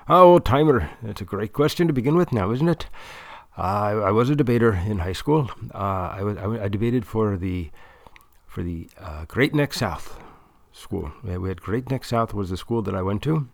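A man's voice: fairly low pitch, moderate pace, gravelly, no echo. A man voicing a chatty former debater in a mock Irish accent that drifts toward other British Isles sounds. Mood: excited. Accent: mock Irish, mixed with other British Isles sounds. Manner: rambling, excited storytelling.

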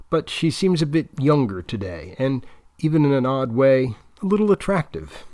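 A man giving steady, even scripted narration of a novel. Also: medium pitch, no echo, studio quality. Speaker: audiobook narrator.

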